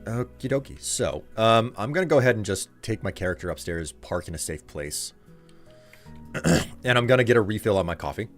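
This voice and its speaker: A man's voice: on the low side, animated, fairly quick, soft background music. A man streaming a game live, chatting with viewers in a loose, rambling way full of fillers and restarts. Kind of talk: casual chat while streaming a game.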